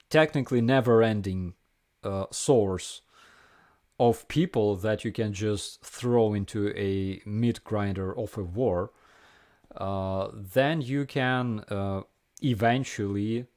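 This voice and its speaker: A young Ukrainian-accented man hosts a relaxed live stream, answering chat questions one by one. He speaks slowly, with a fairly low voice, and often pauses with fillers and restarts his sentences. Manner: halting, many fillers and restarts, reads chat aloud.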